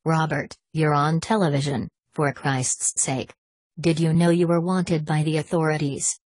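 A stern, wary older scholar speaks in a cold, clipped, formal way, as a woman reads him in an audiobook. The voice is low and husky. The sound is dry and close. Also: flat delivery, a little slow, a little mellow, dry recording.

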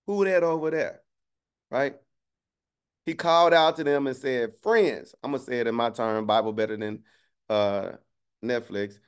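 A man's voice: mid-range voice, normal speed, smooth. Man, preacher, casual sermon, conversational, slangy, joking asides. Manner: conversational, keeps asking "right?".

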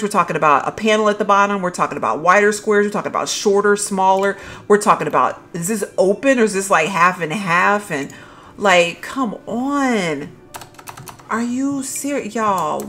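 A young adult woman giving excited, gushing commentary while touring new items in a video game, often calling out "y'all" to her viewers. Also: mid-range voice. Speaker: gaming YouTuber.

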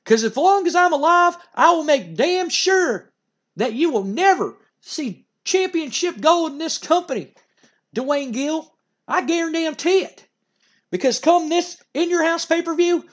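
A man's voice: very high voice, expressive, measured pace, voice pushed up. A man voicing an irate male wrestling manager who rants threats at a rival. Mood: furious threatening. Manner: ranting, threatening, loud.

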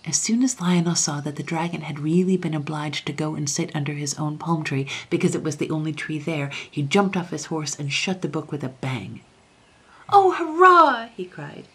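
A woman reading a classic children's story aloud as a storyteller, soft and often half-whispered. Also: low voice, fairly even intonation, a little fast, few pauses, husky.

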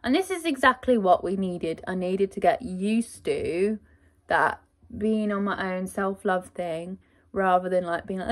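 Chatty woman with a gravelly edge. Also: mid-range voice. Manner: rambling, chatty, self-deprecating. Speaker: vlogger. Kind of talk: casual diary vlog.

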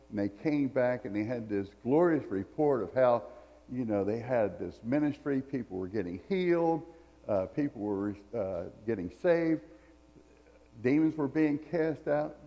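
A man's voice: medium pitch, mellow, long reverb tail, highs cut off. A man preaching a sermon in a church, reading scripture and telling folksy stories with jokes. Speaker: pastor. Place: church sanctuary.

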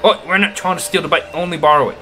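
A man's voice: a little high, fairly even intonation, fast, pushed and bright, soft background music. A man voicing a rowdy young male gang grunt in a put-on Australian-style accent, cocky and taunting. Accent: put-on Australian-ish accent. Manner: taunting, swaggering.

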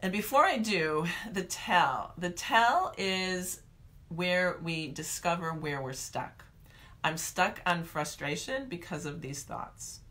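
Bright-voiced woman vlogging. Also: lowish voice, slow pace. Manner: chatty, animated storytelling. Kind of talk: casual self-help vlog.

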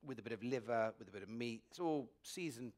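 An English food critic in his forties chatting onstage at a festival, wry and quick, with frequent laughs and restarts. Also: medium pitch, lively intonation, darkish tone. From England. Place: festival stage before an audience.

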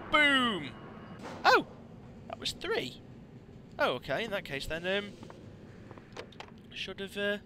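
An excitable man commentates his gameplay in a high voice that leaps all over the place. The noisy home recording has clear background noise running under him. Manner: excitable, yelps and swears at the game. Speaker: let's play host.

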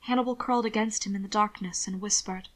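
A woman narrating a story aloud with a soft, steady delivery at a middle pitch. Her reading is even and unhurried as she describes each scene. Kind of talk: reading fan fiction aloud.

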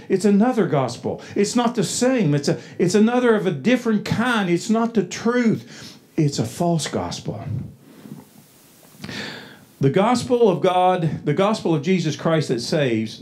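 An American man preaching a sermon from the pulpit, folksy, with frequent restarts and loud, emphatic passages. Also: on the high side. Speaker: pastor. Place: church sanctuary.

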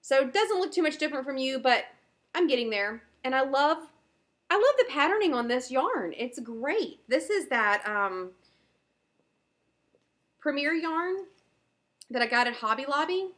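A woman's voice: high-pitched, lively intonation, a little slow, pauses often, fairly bright tone. A woman hosting a knitting video podcast, chatting casually and enthusiastically about her projects with frequent fillers. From Southern US. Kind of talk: casual show-and-tell chat.

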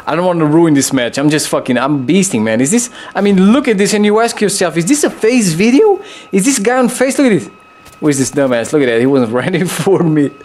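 Young man, gameplay commentary, lively swooping voice, fairly high, swears a lot, sudden yelps.

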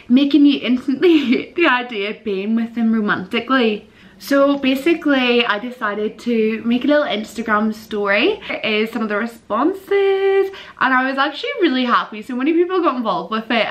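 Young woman vlogger, chatty and giggly, high lively voice with big swoops. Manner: giggly, animated, swoops into squeals and disgusted groans. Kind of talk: casual chatty vlog.

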